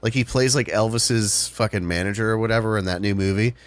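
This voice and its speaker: A man's voice: lowish voice, quick pace, no echo. A man co-hosting a casual podcast chat, hesitant and swearing freely. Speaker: podcast co-host.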